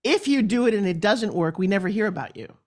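An emphatic woman with a New York accent, speaking as a podcast guest. She tells her story in a candid, blunt and animated way, at a mid pitch for a woman. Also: quick pace.

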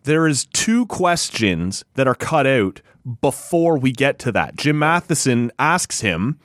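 A man holds forth on a casual sports podcast, heated and quick to swear. His pitch swings widely as he argues. The sound is dry and close, with no room around it. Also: no echo. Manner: heated, profane, lively ranting. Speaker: podcast co-host.

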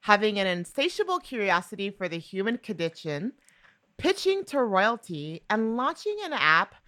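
A woman's voice: medium pitch, pushed and bright. A woman hosting a podcast interview, upbeat as she asks her guest questions. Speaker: podcast host.

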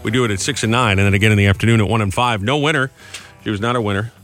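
A man's voice: lowish voice, racing, a bit bright, soft background music. A middle-aged man co-hosting a morning radio show, chatty and self-deprecating in casual studio banter. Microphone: studio microphone.

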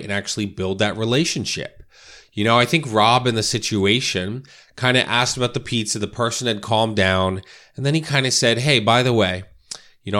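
Fairly low in pitch and fairly bright in tone, this man gives casual instructional talk to real estate agents. He keeps it conversational, often tossing in "right?" and "you know".

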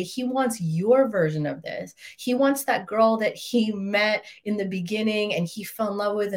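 A woman teaching an online relationship course for wives, talking in an emphatic, casual way, swearing now and then and often tagging "right?" and "like". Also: mid-range voice. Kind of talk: motivational online course talk.

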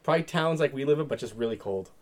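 A man's voice: medium pitch, expressive, racing. Profane joking male co-host. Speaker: podcast co-host. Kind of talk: casual chat.

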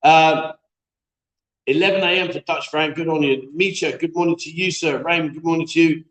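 A man's voice: fairly high pitch, steady tone, moderate pace, fairly bright tone. A man hosting a live-stream chat show, bantering and reading viewer comments aloud in a jokey, chatty way. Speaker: host. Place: echoey room being set up as a studio. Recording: echoey room.

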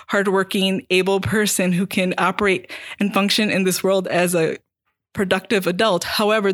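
A woman's voice: mid-range voice, no room sound, clean studio sound. A woman counselor explaining in a casual, conversational way, often checking in with the listener. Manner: steady, conversational, checks in with "right?".

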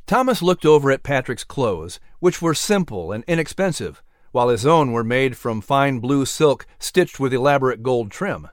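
A man reading scripted story narration in an expressive, lively way. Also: medium pitch, normal speed, no room sound, studio quality.

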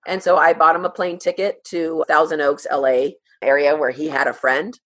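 Woman in her thirties, low voice, halting, emotional, personal story. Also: flat delivery, a bit bright. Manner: halting, emotional, many fillers. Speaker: guest sharing her story.

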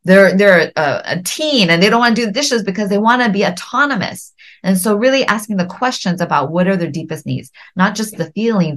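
A middle-aged woman hosting a podcast, giving earnest, gentle coaching and slowing down to stress key words. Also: on the low side. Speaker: podcast host.

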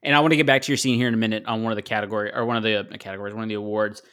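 A man hosting a casual podcast chat, chatty and quick to laugh, often correcting himself as he goes. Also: lowish voice, steady tone, a bit bright. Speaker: podcast host.

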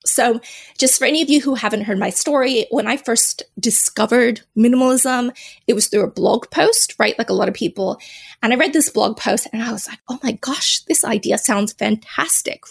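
A woman hosts her own solo podcast, chatting casually and laughing at herself in a self-mocking way. Her fairly high voice is gravelly with a breathy edge, and she speaks at a moderate pace.

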